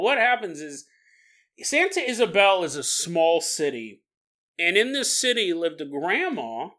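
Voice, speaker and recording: A man's voice: high-pitched, sharp tone. A man hosting a podcast, telling a strange story in a casual, jokey way and laughing often. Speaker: podcast host.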